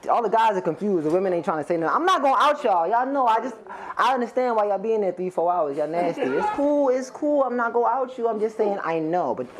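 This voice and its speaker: Talking fast and barely pausing, a man with a high, animated voice works through a stand-up set. He rambles, curses, and chats directly with the audience in front of him on stage.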